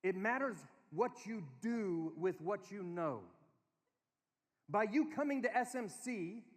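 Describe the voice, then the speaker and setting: High-voiced man preaching in a big hall. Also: takes it slowly. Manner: storytelling, animated, quotes his kids in a small voice. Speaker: speaker. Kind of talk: sermon to a conference crowd. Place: large hall. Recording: long hall reverb.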